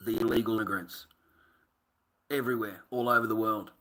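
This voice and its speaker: A man's voice: on the low side, fairly quick. An Australian man rambling through an anecdote, swearing freely and calling the listener "mate" often. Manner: profane, excitable storyteller who says "mate" a lot. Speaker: vlogger.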